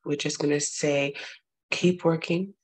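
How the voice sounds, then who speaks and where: A woman's voice: low voice, fairly even intonation, measured pace, low-quality recording. A woman hosting her own show and speaking live to viewers in an earnest, urging way that often repeats itself. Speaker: show host. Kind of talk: live-stream address to viewers.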